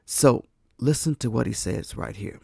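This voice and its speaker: A man's voice: medium pitch, normal speed, gravelly, darkish tone, husky, no echo, studio quality. A man from the United States hosting a podcast, giving exasperated casual political commentary and talking straight to his viewers. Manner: exasperated, talks to viewers directly. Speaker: podcast host.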